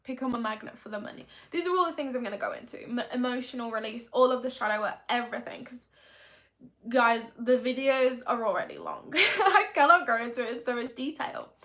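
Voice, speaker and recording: A woman's voice: a little high, expressive, brisk, a bit bright. A young woman talking through a confessional vlog as a manifestation coach, in a chatty, rambling way full of tag questions.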